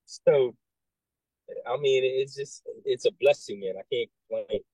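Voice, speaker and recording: A man working as a military recruiter, talking casually and telling animated stories with many restarts and asides. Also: medium pitch, measured pace, breathy edge, dry recording, low-quality recording. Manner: animated storyteller, acts out quoted voices, many restarts and "right?". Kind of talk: casual conversation.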